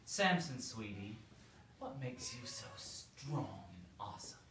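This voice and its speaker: A man's voice: fairly high pitch, fast talker, fairly bright tone, close to an everyday voice. A man putting on a cooing, pouty seductress. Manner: cooing sweet-talk turning pouty and whiny. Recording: echoey room, far from mic, faint noise.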